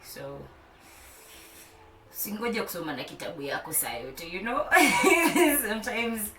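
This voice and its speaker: A woman's voice: medium pitch, animated, unhurried, distant mic, crowd noise. A young woman with a Kenyan accent chatting playfully to camera, laughing often, in a home with street noise outside. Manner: playful, laughs often, mixes English and Swahili. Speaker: vlogger. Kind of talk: casual chat to camera. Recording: roomy sound from off the mic.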